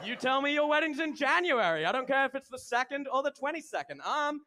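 A young man from England with an English accent doing a deadpan stand-up comedy set and acting out both sides of dialogues. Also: very high voice, fairly quick. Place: comedy club stage. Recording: loud noise and clicks.

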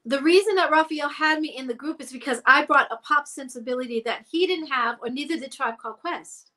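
A woman, a singer being interviewed, telling a casual story in an animated way and acting out the people she quotes. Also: sits high, a little fast. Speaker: guest singer.

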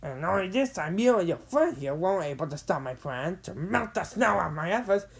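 A woman's voice: on the low side, animated, a little fast, vocal fry, pitched above the performer's own voice. A woman voicing a boastful villainous male professor in a storybook, speaking in a gloating way.

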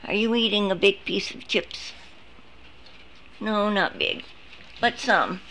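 A woman talks on her phone to a live audience, drawing out her words slowly. Her bright, sharp voice sits slightly high as she coos baby talk at a litter of puppies. A faint hiss of noise runs underneath. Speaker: service dog puppy caretaker streaming a litter. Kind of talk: casual live stream chat.

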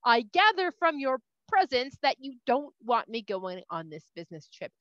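A woman voicing a hot-tempered male prophet who yells at his donkey, in a dull, dry recording. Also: a little high, sing-song, normal speed, no echo. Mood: casual. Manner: shouting and scolding in bursts.

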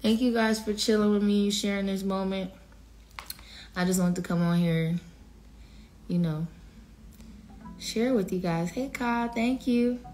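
A woman's voice: medium pitch, measured pace, long pauses, darkish tone, soft background music. A woman in her thirties on a casual, emotional livestream, choked up and holding back tears as she thanks viewers by name. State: teary, choked up. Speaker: singer addressing livestream viewers.

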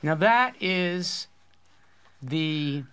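A man's voice: on the high side, lively intonation, extremely slow, fairly bright tone, smooth. A man hosting a poetry course discussion, explaining ideas with eager enthusiasm in a casual academic way.

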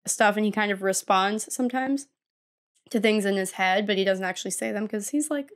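A woman co-hosting a podcast, talking through her writing in a casual, rambling way. She trails off and restarts often. Her pitch sits in the middle. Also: brisk. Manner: rambling, many fillers and restarts. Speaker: podcast co-host and writer. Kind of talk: casual chat.

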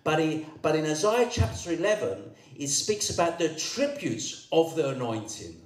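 Older archbishop, emphatic sermon delivery, echoey hall sound. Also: male voice, on the high side, sing-song, normal speed, hardly any pauses. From Cyprus. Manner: emphatic, rising to raised proclamations, repeats words. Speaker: archbishop preaching. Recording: echoey church sound from far off.

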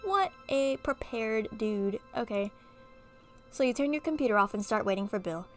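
A woman reading an interactive horror story game aloud and breaking off for animated, chatty reactions. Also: fairly high pitch, normal speed, soft background music. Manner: animated, chatty asides between narration. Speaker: gaming video creator.

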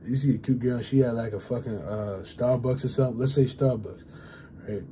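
A man's voice: medium pitch, brisk, warm tone, slight background noise. A young man talking to his channel in a loose, rambling way, full of fillers and casual swearing. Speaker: YouTuber giving dating advice.

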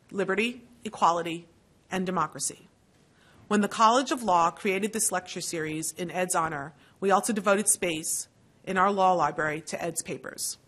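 A middle-aged woman, a law school dean, giving a measured, earnest introduction at a lecture with a lightly wry touch. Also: medium pitch, a bit bright. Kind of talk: formal lecture introduction with personal anecdotes. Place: lecture hall.

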